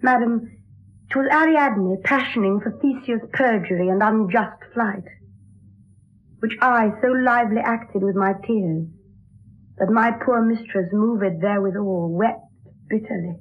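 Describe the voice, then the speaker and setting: A woman's voice: medium pitch, measured pace, lightly acted. An actress playing a lovelorn young noblewoman disguised as a boy page, speaking verse in an earnest, wistful way in an old radio play. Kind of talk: 1960s radio drama verse acting. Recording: tinny lo-fi 1960s radio broadcast.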